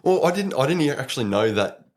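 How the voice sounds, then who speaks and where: A man's voice: medium pitch, a little fast. A young man with an Australian accent, chatting casually as a podcast guest and laughing through his stories. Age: young adult. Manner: relaxed storyteller, laughs while telling stories. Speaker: guest, apprentice electrician. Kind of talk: casual interview chat.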